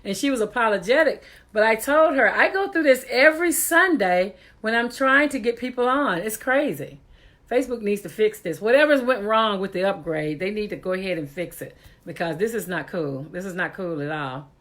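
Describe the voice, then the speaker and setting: A woman's voice: mid-range voice, expressive, moderate pace, a bit bright. Chatty woman hosting a live stream. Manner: chatty, laughs often, exasperated at technical glitches. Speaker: talk show host. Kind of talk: casual live-stream chat. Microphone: computer for a live stream.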